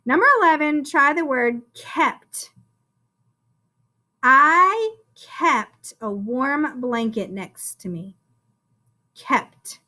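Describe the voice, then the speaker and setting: A first-grade teacher leads young children in phonics, slowly drawing out each sound while spelling words aloud. Her bright, fairly high voice has lively intonation, swooping encouragingly in a sing-song manner.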